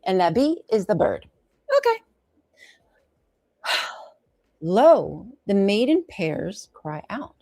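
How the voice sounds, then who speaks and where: Woman, myth reading on a livestream, slow delivery, animated and frank, dry room. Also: mid-range voice, dry recording. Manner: animated, frank, swears freely, stops to comment. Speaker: livestream host reading myths. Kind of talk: casual livestream reading with commentary.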